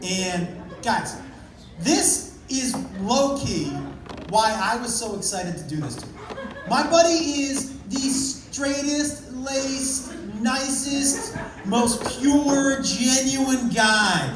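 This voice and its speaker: A man telling a story in a stand-up set, punchy and loud at times, swearing freely. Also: extremely high pitch, expressive, slow, noisy background. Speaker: stand-up comedian. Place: comedy club stage with a live audience. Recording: echoey, distant live club recording with a loud crowd.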